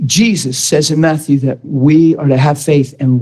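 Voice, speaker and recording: Fervent high-voiced male preacher. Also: a little slow, few pauses, husky. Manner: impassioned, rising to shouts when quoting himself. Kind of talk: sermon.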